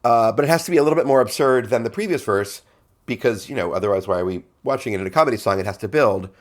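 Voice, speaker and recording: A man's voice: medium pitch, fast talker. A male songwriter hosting a casual explainer, talking in a chatty way with frequent fillers and laughs. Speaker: songwriter host.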